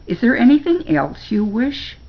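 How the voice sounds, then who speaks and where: An older woman reading a storybook aloud and voicing a smooth, manipulative male ruler who speaks in a slow, knowing, falsely kind way. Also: on the high side, big pitch swings, highs cut off, voice pushed up.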